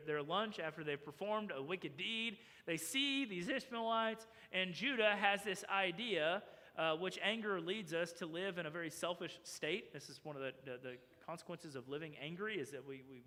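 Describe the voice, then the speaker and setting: A man preaching a sermon as pastor, animated and acting out the voices of the people in his story. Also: high voice, big-room sound. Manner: animated, acts out characters' voices. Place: church sanctuary.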